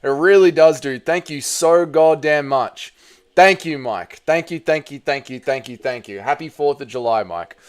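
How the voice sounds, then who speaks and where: Excitable, profane male livestreamer. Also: a little high, moderate pace, clear, resonant tone. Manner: excitable, profane, thanking donors. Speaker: livestream host. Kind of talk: casual livestream reading chat.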